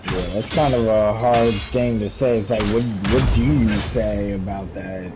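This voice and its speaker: A man's voice: lowish voice, fairly even intonation, a little slow, background noise. A man in casual chat, chiming in with dry wisecracks.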